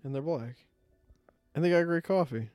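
A man's voice: fairly high pitch, normal speed, a little mellow, clear, resonant tone, dry recording, clean studio sound, soft background music. A young man co-hosting a podcast, rambling and joking in casual chat. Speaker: podcast co-host.

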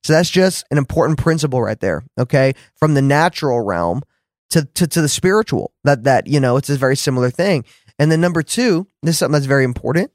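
A man hosting a faith podcast, teaching in an earnest, conversational way and acting out his own words with lively shifts. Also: medium pitch, fast, no echo, studio quality. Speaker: podcast host and preacher.

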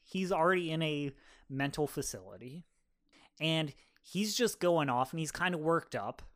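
A man's voice: a little high, animated, normal speed, a bit bright, dry recording, clean studio sound. A young adult man co-hosting a podcast, telling a story in loose, profane casual chat. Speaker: podcast co-host.

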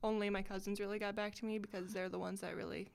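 A woman's voice: mid-range voice, little pitch movement, fast talker, vocal fry. A young woman co-hosting a podcast, chatting casually in an easygoing, agreeable way. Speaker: podcast co-host. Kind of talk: casual chat.

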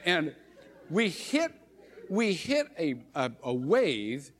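A middle-aged man, a pastor, preaching a sermon by telling a personal story, animated and chuckling often, with frequent restarts. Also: on the high side, slow. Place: church sanctuary. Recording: long reverb of a church hall.

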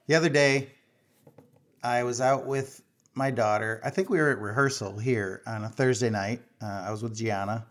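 A middle-aged man, telling a personal story casually to his viewers, chatty and self-mocking, with many fillers and restarts. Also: medium pitch. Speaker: vlogger.

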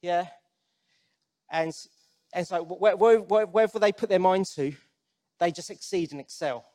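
Here a man preaches with a warm, high-pitched voice at a moderate pace. His sermon is earnest and conversational; he often starts sentences over and asks the congregation direct questions.

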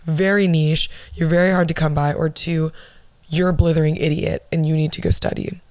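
A young woman hosting a podcast, telling stories in a casual, rambling way. Her voice is soft and low like an alto and is worn from losing it. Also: level tone, normal speed, dry recording. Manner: chatty, rambling with asides and laughs. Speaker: podcast host. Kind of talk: casual solo podcast storytelling.

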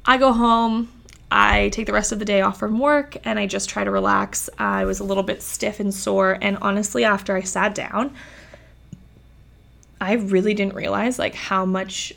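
Woman vlogger rambling through a storytime, super gravelly fry, says like a lot. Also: mid-range voice, fairly even intonation, moderate pace, fairly bright tone. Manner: chatty, uses "like" a lot. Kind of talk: casual storytime vlog.

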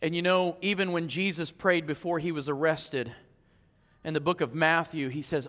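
A male pastor preaching a sermon in a church, moving between hushed reflection and fervent appeals. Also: a little high, normal speed, big-room sound. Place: church sanctuary.

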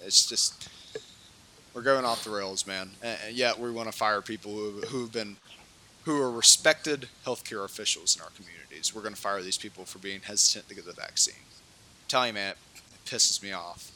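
A man co-hosts a political podcast in a sharp, bright voice. He rants heatedly, repeating himself and restarting lines. A faint hiss runs behind the recording. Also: lowish voice, normal speed. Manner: heated, repetitive ranting with many restarts. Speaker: podcast co-host.

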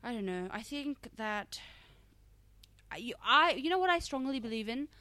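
Woman cohosting a podcast, kinda high voice, playful teasing, dry close sound. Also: lively intonation, moderate pace, pushed and bright, no room sound. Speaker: podcast co-host. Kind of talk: casual chat.

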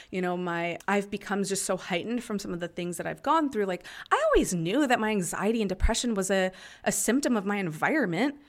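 A woman in her thirties hosting a casual podcast, talking candidly with frequent swearing and laughter, and guiding listeners through breathing exercises. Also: medium pitch. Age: 30s. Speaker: podcast host and life coach. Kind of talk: casual confessional podcast talk.

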